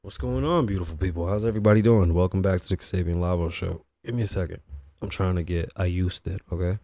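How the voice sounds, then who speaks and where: A man's voice: deep voice, fast, dark tone, no room sound. A man hosting his own livestream podcast, talking loosely to chat and to himself, swearing often, his voice worn and shot. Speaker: podcast host. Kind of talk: casual livestream talk.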